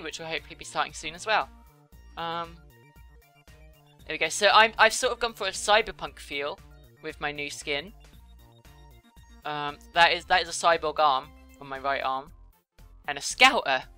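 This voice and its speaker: Chatty, giggly woman with bright tone. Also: on the low side. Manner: chatty, giggly, self-deprecating. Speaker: YouTuber. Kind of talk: casual commentary while drawing.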